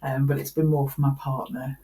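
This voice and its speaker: A woman's voice: extremely low pitch, little pitch movement, brisk, mellow. A middle-aged woman chatting casually as a podcast co-host, rambling with frequent laughter. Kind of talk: casual chat.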